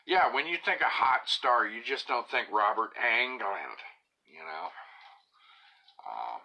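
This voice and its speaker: A man's voice: on the low side, sing-song, unhurried, vocal fry. A man casually chatting on a live stream, reading viewer comments aloud and poking fun at himself, sometimes dropping to a whisper. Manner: chatty and self-mocking, drifting into soft whispered asides.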